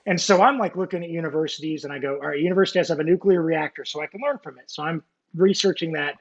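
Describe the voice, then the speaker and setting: An American man in his forties, formerly a Navy nuclear technician, tells his story in a casual interview over a video call. He talks fast in a fairly bright voice on the high side, rambling with many fillers and restarts while joking, in a nerdy, self-deprecating way, about being a nerd. The video call audio is muffled.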